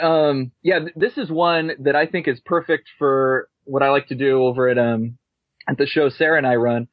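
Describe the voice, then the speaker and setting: A man's voice: mid-range voice, dry recording. A man guesting on a podcast, chatting casually and easygoing, often restarting his sentences. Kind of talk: casual chat. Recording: dry tinny phone-like line.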